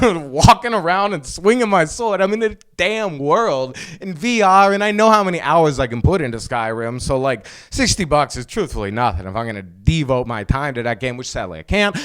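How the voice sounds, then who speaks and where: A man hosting his own gaming vlog in casual chat to camera, excitable and rambling, swearing casually as he talks. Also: fairly high pitch, clean tone. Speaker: gaming vlogger host.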